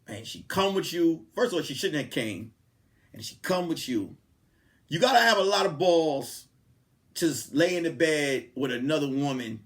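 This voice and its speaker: A man hosting a comedy podcast, telling a story in a casual, animated way and swinging from hushed asides to loud, laughing outbursts. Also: on the high side. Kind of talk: comic storytelling.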